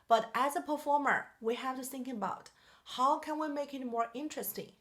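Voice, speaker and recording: A woman's voice: fairly high pitch, a bit bright. A woman teaching a piano masterclass, singing melodies on syllables and questioning her student in simple English. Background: piano playing.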